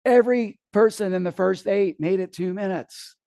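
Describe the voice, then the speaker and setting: A middle-aged man speaks from a seminar stage in a fairly high voice. He tells a story with casual swearing and acts out his own panic. The sound is dry and close. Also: normal speed, warm tone, dry recording. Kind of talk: live seminar talk.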